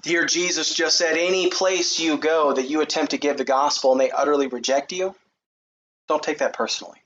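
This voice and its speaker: A man preaching a sermon who reads scripture in a raised, high voice and then talks to the congregation in a casual way. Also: brisk, a bit bright. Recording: dull, lo-fi recording with faint noise.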